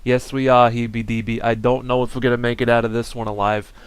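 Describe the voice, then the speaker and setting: Brief: man playing a silly chatty mascot, loose improvised comedy, clear dry voice. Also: mid-range voice, flat delivery, fast talker, dry recording, close to an everyday voice. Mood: playful. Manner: playful, rambling, bits of mock hype. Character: silly chatty little male mascot character.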